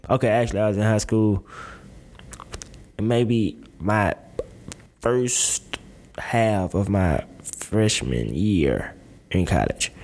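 A man's voice: lowish voice, a little mellow. A man in his twenties giving a candid, rambling confessional monologue, full of slang and restarts.

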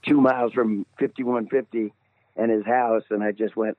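A man's voice: lowish voice, moderate pace, no echo. Man telling stories over a tinny phone line. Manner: animated anecdote teller, laughs at himself. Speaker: guest singer. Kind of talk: casual interview storytelling.

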